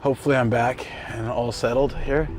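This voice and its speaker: A man's voice: medium pitch, steady tone, a little fast, noisy background. A man chatting casually with his viewers during a live stream, reading their messages and answering them as he goes. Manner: chatty, talks to viewers and reads chat. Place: outdoors on a bike ride.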